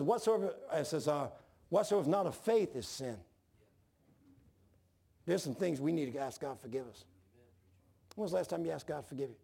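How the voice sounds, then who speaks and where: Folksy and animated, a pastor weaves stories into his sermon and performs the voices of the characters in them. He speaks a little high, with vocal fry and a breathy edge.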